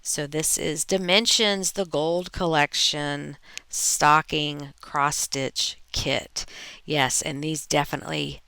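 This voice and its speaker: A woman hosts a casual reselling show, reading viewer posts aloud and adding her own chatty asides. Her voice sits fairly low and moves at an unhurried pace. It comes through smooth and clear, recorded dry and close with no room sound. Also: steady tone, pushed and bright, no room sound. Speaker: reselling channel host.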